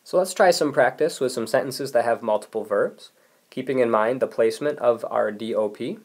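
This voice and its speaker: A man's voice: medium pitch, normal speed, a little mellow. A man teaching a recorded video lesson, explaining rules patiently and reading example sentences aloud. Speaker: language teacher.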